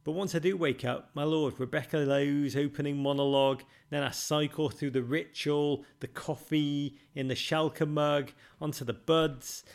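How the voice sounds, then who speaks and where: A man's voice: on the high side, gravelly. A man hosting a football podcast, answering listener questions with dry, self-mocking humour and theatrical flourishes. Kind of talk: wry, theatrical monologue.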